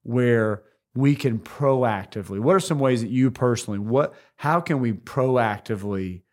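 A man co-hosting a casual faith podcast, talking in a halting way with many restarts and fillers, teasing now and then. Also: mid-range voice, darkish tone. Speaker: podcast co-host.

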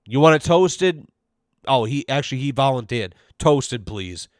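The studio-quality recording has no room sound, catching a man's medium-pitched voice with lively intonation at a slightly slow pace. As a podcast host, he delivers a rambling, profane storytelling rant and acts out the people he quotes.

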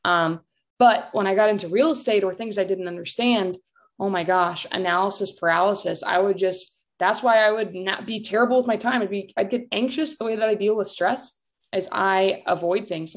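A woman's voice: mid-range voice, moderate pace. A young adult woman co-hosting a casual podcast, upbeat and encouraging, often exclaiming. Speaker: podcast co-host.

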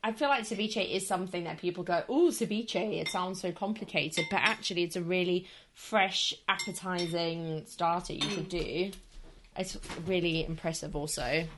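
Enthusiastic woman host, slightly low voice. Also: fairly even intonation, moderate pace, hardly any pauses, background noise. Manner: enthusiastic, conversational. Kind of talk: casual chat over a meal.

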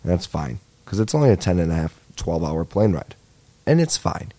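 A young man with a low, mellow voice and a sing-song lilt hosts a comedy podcast at a normal speed. Somewhat tired, he drifts through casual, profane stories that make fun of himself.

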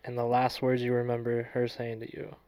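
A man of middle pitch hosts a podcast interview, asking gentle, probing questions. He pauses and rephrases as he searches for the right words, and his voice sounds close and dry. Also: monotone, creaky, no echo. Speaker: podcast host.

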